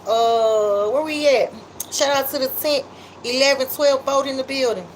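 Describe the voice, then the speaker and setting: A woman with a Memphis accent, hosting a casual livestream and reading viewer comments aloud in a chatty, drawn-out way. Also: sits high, a little hiss or hum, rough recording. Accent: Memphis, Southern US. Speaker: livestream host.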